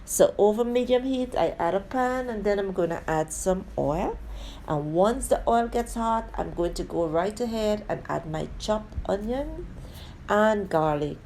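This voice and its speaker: A woman's voice: mid-range voice, expressive, unhurried, dark tone, slight background noise. A woman hosting a casual cooking tutorial. She talks viewers through each step in a chatty way, with friendly asides, and keeps calling them "guys". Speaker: cooking channel host.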